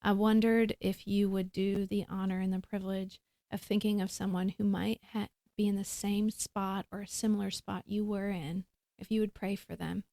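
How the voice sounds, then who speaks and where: A woman hosting a podcast, speaking softly and earnestly as she closes the interview. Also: medium pitch, level tone, normal speed, vocal fry, no room sound. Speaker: podcast host. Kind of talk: interview closing remarks.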